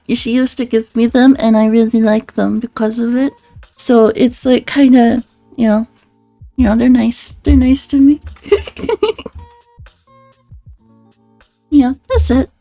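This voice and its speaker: Woman streamer, high voice, giggly and flustered, swears a lot, dry close mic. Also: dark tone, no echo. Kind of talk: casual live-stream chat with viewers.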